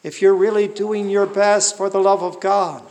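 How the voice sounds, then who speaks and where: A man's voice: sits high, flat delivery, normal speed, darkish tone, big-room sound. A man preaching a sermon in an earnest way, asking the listeners rhetorical questions.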